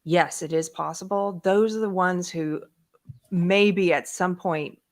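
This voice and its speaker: A woman's voice: lowish voice, fairly even intonation, takes it slowly. A woman hosting a casual political talk show, agreeing readily with her guest and reading posts aloud. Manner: agreeing often, reads quotes aloud. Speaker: host.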